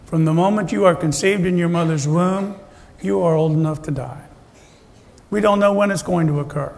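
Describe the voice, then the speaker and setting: Male preacher, slightly high voice with gravel, conversational sermon delivery, big hall reverb. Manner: conversational preaching with rhetorical questions. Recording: long reverb of a large hall.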